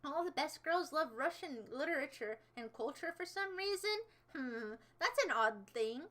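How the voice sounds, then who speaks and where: A woman's voice: high voice, pushed and bright. A young adult woman hosting a livestream and chatting casually as she reads viewer comments, playful and jokey with a self-mocking streak. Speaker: livestream host.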